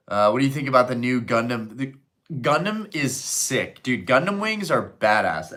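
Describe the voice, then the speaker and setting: A young adult man with a medium-pitched voice hosts a live stream, chatting casually and swearing as he reads the chat out loud.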